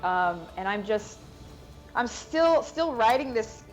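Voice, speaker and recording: A woman's voice: fairly high pitch, lively intonation, slow, highs cut off, faint music behind. A woman playing a tabletop game, describing her character's action hesitantly, rambling with restarts. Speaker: player.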